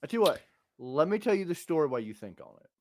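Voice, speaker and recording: Host role: middle-aged man, lively pitch, rambling storyteller, dry close sound. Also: fast, dry recording. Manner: rambling, animated storyteller with many restarts. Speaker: podcast host. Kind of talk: casual chat.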